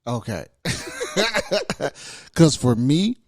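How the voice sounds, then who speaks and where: A man co-hosting a podcast in relaxed conversation. His voice swings widely in pitch, and he often laughs and restarts his sentences. The sound is dry and close. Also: very slow, dry recording. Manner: animated, laughs often, repeats words when starting. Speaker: podcast co-host. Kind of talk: casual chat.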